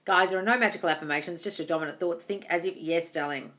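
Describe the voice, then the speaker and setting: A woman's voice: on the low side, fast, a bit bright. A woman hosting a live-stream Q&A, reading viewers' comments aloud and answering them bluntly, swearing often and calling them darling. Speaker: manifestation coach answering live chat questions.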